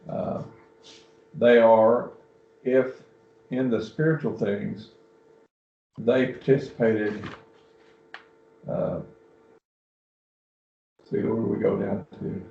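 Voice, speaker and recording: A man in a church class reads aloud and translates in slow, halting steps. His voice is gravelly and dark. The room is echoey and the recording sounds dull. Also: medium pitch. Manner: halting, slow, stumbles over words. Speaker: class student.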